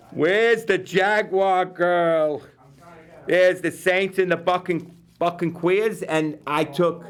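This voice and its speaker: Excitable high-voiced New York TV host. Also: male voice. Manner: rambling, excitable, jokey. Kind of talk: live local-TV sports picks. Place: community TV studio.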